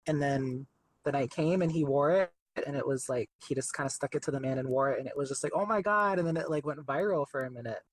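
A man's voice: medium pitch, quick pace, slightly rough, low-quality recording. Chatty young man telling a story. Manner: chatty, relaxed, many fillers. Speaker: artist guest. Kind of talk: casual interview.

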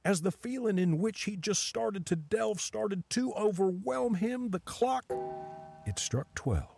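Narrator: male, sing-song verse reading, lively pitch, warm low tone. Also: unhurried, gravelly, faint music behind. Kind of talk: rhyming storybook narration.

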